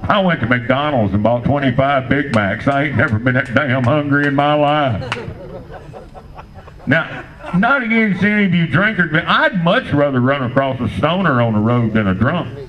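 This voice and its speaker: An older man doing a standup comedy set, telling crude, rambling stories in a deadpan way. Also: mid-range voice, moderate pace, muffled recording.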